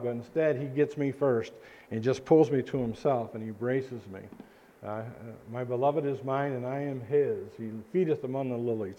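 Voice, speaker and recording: A male pastor preaching a sermon in a church, earnest and halting, with frequent restarts. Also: mid-range voice, mellow, highs cut off. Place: church sanctuary.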